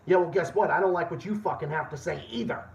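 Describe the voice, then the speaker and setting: Male streamer host, furious profane rant, highish voice, echoey room on dull lo-fi audio. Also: fast talker, creaky, far from the mic. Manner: angry, swearing, repeats himself. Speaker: livestream host.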